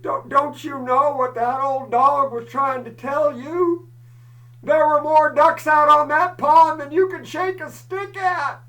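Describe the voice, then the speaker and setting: Storyteller doing eager farmer Joe, high, loud, bright, from a distance. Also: a little slow. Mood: pleading.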